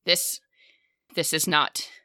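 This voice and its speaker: A woman's voice: slow pace, sharp tone, dry recording, studio quality. A woman voicing a furious, imperious ancient drow matron mother in a tabletop game. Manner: commanding, outraged.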